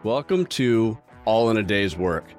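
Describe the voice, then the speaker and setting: A man's voice: on the low side, lively intonation, a little slow, faint music behind. A man hosting a podcast, telling stories in an earnest, enthusiastic, casual way. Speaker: podcast host. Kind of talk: casual storytelling monologue.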